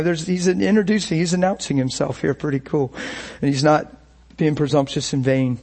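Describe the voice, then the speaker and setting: Male pastor, high voice, conversational sermon, acts out inner thoughts, laughs easily. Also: normal speed, a little mellow.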